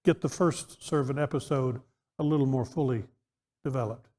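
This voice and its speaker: A man's voice: mid-range voice, moderate pace, warm tone. A man teaching an interactive Bible class in a conversational way, asking his listeners questions and often restarting his sentences. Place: church auditorium. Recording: echoey church hall.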